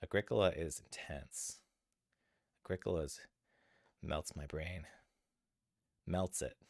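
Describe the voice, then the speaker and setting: A man's voice: rumbling low, slow, creaky, dry recording, clean studio sound. A man streaming board games, greeting viewers and thinking aloud about his moves in casual chat. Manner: chatty, thinks aloud over game moves. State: a little out of breath at times. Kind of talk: casual live-stream chat while playing.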